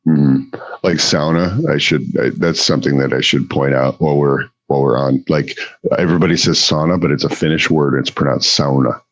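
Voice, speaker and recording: A man's voice: extremely low pitch, steady tone, a little fast, no room sound, dull audio. A man from the Upper Midwest, chatting casually on a podcast in a laid-back way, with lots of easy yeps and mm-hmms. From Upper Midwest US near the Canadian border. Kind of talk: casual chat.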